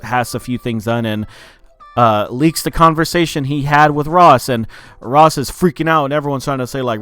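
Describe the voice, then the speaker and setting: A man's voice: medium pitch, a little fast, fairly bright tone, no room sound, soft background music. A man casually recapping a movie plot for his review channel, loose and profane, with lots of filler words. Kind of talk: casual spoken film review.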